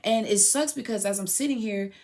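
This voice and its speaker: A woman hosting a podcast and telling a personal story, animated and emphatic, often acting out what others said. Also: medium pitch, a little fast. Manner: emphatic, animated retelling with acted quotes. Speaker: podcast host.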